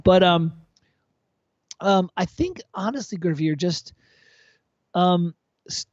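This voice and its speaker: A tipsy man chatting casually on a livestream, giving blunt, profane, excitable feedback on a viewer's composition. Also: sits high, takes it slowly, no room sound. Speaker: co-host reviewing viewer compositions. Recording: dull lo-fi dry sound.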